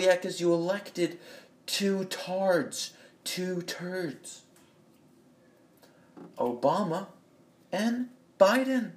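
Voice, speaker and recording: A man's voice: fairly high pitch, gravelly. A man delivering a blunt, profane, rambling rant. He talks into a phone in an echoey room. His speech wanders from point to point without letting up. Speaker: vlogger. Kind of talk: ranting monologue.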